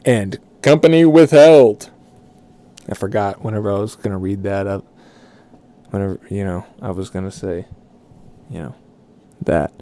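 A man's voice: on the low side, normal speed, pauses often, mellow, slight background noise. A man telling a profane work story casually, rambling and correcting himself as he goes. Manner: rambling, swearing, self-correcting.

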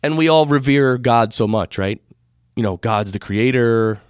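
A man from the United States hosts a loose, rambling talk on spirituality, frequently correcting himself. He speaks a little slowly in a clean, mid-range voice, and his studio microphone produces clean sound without echo.

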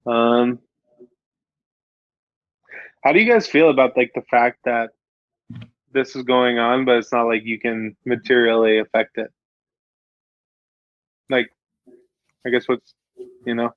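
A man's voice: medium pitch, fairly even intonation, takes it slowly, pauses often, no room sound, lo-fi sound. A man musing in a casual chat, hesitant and full of fillers. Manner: hesitant, lots of fillers and restarts.

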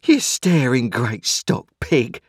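A man voicing a sharp-tongued, scolding woman in a dry recorded audiobook reading. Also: sits high, big pitch swings, measured pace, gravelly, slightly rough, no echo, pitched above the performer's own voice, full character voice.

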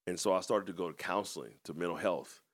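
A man's voice: low-pitched, fast talker. A man co-hosting a podcast, telling his story in a casual, rambling, reflective way. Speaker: podcast co-host and coach.

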